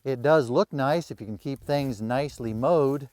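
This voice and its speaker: A man's voice: mid-range voice, moderate pace, darkish tone, dry recording. Wry man, dry close narration. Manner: wry, self-deprecating humor. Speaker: rural landowner and video creator. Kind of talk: casual explanatory narration.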